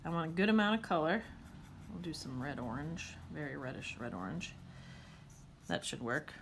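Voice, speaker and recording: Chatty woman teaching watercolor, lowish voice. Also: expressive, moderate pace, background noise. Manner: chatty, thinking aloud while painting. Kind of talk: painting demonstration.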